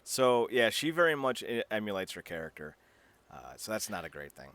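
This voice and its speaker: Lively, low-voiced male podcast co-host. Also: fairly quick, no room sound. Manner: lively, rambling, laughs at his own jokes. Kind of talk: casual chat.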